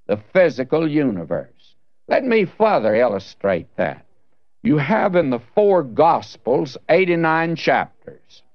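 A man's voice: fairly high pitch, no room sound. A man preaching a Bible sermon, earnest and folksy, asking rhetorical questions and speaking straight to the listener. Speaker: Bible teacher. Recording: dull, slightly muffled dry recording.

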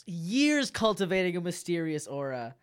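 A woman's voice: fairly low pitch, big pitch swings, normal speed, smooth. Laughing, rambling woman podcaster. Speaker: podcast host. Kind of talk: casual chat.

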